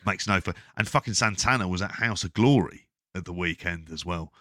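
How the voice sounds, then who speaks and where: Deep-voiced sweary man on a podcast. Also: brisk, no echo, studio quality. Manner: sweary, rambling, animated. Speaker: podcast co-host. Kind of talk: casual wrestling podcast chat.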